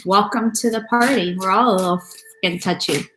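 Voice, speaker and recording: A woman's voice: medium pitch, fairly quick, a bit bright. Chatty woman doing a tarot live stream. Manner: chatty, loose and swearing, greets viewers by name. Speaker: tarot reader. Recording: echoey room with faint noise.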